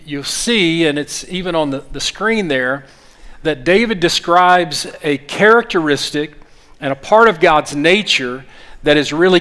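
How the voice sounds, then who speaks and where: A man's voice: fairly high pitch, a bit bright. A man preaching a sermon as pastor, earnest and full of restarts, calling on the congregation to repeat after him. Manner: earnest, with frequent fillers and restarts.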